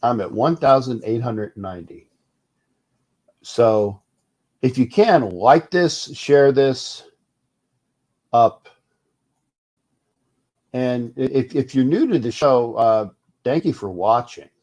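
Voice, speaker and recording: A man's voice: mid-range voice, slow, long pauses. Rambling man hosting a fan live-stream. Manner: rambling, animated, restarts and fillers; reads viewer comments aloud. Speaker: host of a fan live show. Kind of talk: casual live-stream chat.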